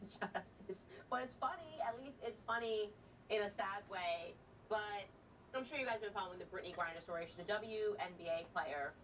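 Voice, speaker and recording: A woman's voice: on the low side, fairly bright tone. A woman hosting a podcast, giving a sarcastic, opinionated monologue. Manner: sarcastic, wry. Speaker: podcast host. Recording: distant mic, faint background noise.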